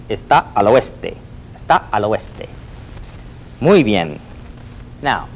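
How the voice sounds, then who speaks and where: A man teaching a lively Spanish lesson, repeating phrases for students to echo and coaxing them with a questioning "Hmm?". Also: on the low side, slight background noise. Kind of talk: lively spoken language lesson.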